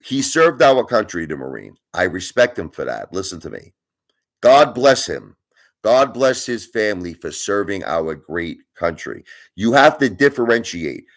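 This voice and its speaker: A man's voice: fairly low pitch, big pitch swings. A man hosting his own channel, ranting at his viewers in a casual way, emphatic and argumentative, often asking "you understand?". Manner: argumentative, speeds up and slows down for emphasis. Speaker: channel host. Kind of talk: casual opinion rant to viewers.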